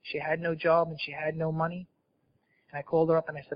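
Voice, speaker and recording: A man from New Jersey shares his recovery story with an audience at a meeting, candid and self-mocking as he tells it. His voice is fairly high and flat, and he speaks fast. The recording is lo-fi with a little hiss or hum.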